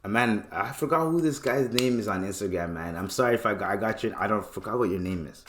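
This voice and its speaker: A man's voice: fairly low pitch, fast talker, echoey room, a little hiss or hum. A man with a Toronto accent hosting a podcast, rambling in casual chat and laughing often. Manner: laughs a lot, slangy and rambling. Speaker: podcast host.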